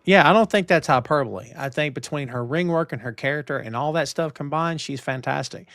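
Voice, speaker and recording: A podcast co-host talks casually on a stream from his home setup, his voice fairly high, slightly quick and rather bright. He's opinionated and emphatic, speaking in old-school wrestling style, and the recording is dry with clean studio sound.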